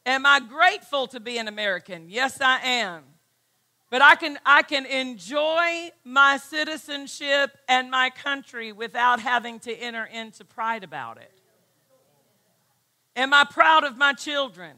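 A woman's voice: high-pitched, measured pace, bright, forceful tone. A woman pastor preaching a sermon, emphatic and full of rhetorical questions.

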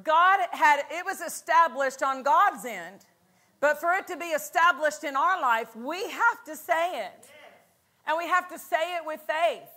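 A woman's voice: high-pitched, unhurried, pushed and bright. A woman pastor preaching a fervent sermon at a conference, repeating lines and calling out for an amen. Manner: fervent, repetitive, call-and-response. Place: church conference hall.

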